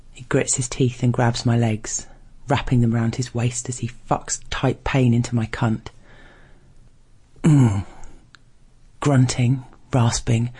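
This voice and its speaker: A man reading a first-person erotic story aloud in a low, measured, intimate way. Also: gravelly, darkish tone, husky.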